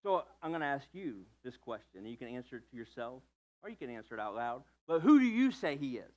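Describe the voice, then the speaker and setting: A man's voice: mid-range voice, sing-song, fairly quick, a little mellow. A man preaching a casual, humorous sermon with playful asides. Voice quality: playful, joking asides, fillers. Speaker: pastor.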